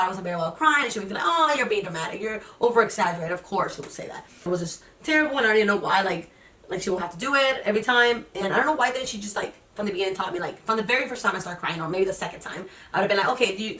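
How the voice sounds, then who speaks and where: Fast-talking young woman in an echoey room. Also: mid-range voice, a bit bright, recorded from a distance. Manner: chatty, rambling, many fillers and restarts. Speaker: vlogger. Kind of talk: casual personal vlog.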